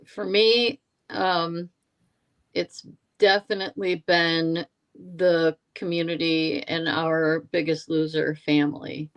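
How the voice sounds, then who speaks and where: A woman's voice: sits low, fairly even intonation, takes it slowly, clean tone. A woman, a former reality show contestant, sharing her reflections thoughtfully with some hesitations. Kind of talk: sharing reflections in a group talk.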